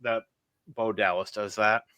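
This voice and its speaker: A man's voice: on the low side, steady tone, unhurried, bright, forceful tone, dry recording. A man with a New York accent, a guest on a podcast, sharing blunt, profane opinions. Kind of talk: casual podcast chat.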